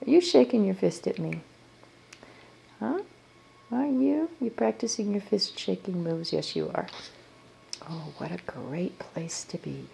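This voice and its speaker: An older grandmother coos to a newborn in slow, unhurried baby talk. Her voice is gravelly and mellow, sing-song and repetitive, often sinking to a hush. It is caught on a handheld camera in a living room. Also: medium pitch, a little hiss or hum. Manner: gentle, sing-song, repeats herself, often drops to a hush.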